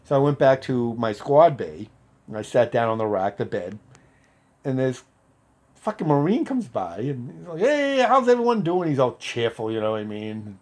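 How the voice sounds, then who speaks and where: A man in his fifties, a former Marine, casually telling a profane story and getting loud when he quotes people. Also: medium pitch, moderate pace. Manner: profane, animated, loud when quoting others.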